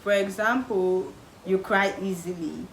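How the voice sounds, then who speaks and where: A young Nigerian woman with a Nigerian accent gives casual advice to the camera in a medium-pitched voice at a measured pace. She is animated, acting out what her relatives say and repeating things for emphasis. The room is echoey, with faint background noise.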